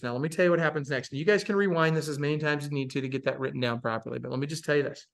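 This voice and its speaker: A man as a podcast guest, telling stories in an emphatic, sarcastic, animated way. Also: on the high side, racing, vocal fry, few pauses. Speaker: podcast guest, real estate coach. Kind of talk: casual storytelling interview.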